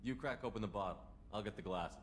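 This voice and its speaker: A man playing a calm starship commander. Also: lowish voice, fast talker, a little hiss or hum, lightly acted. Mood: warm.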